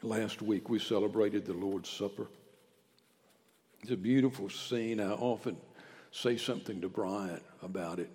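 A male pastor preaching a sermon, swinging from quiet, close talk to loud shouted calls. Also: fairly low pitch, measured pace. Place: church sanctuary. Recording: church hall with long reverb.

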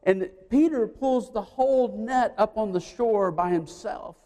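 A man preaching a sermon, retelling a story and acting out the voices, swinging between loud and hushed. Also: high voice, unhurried. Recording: long hall reverb.

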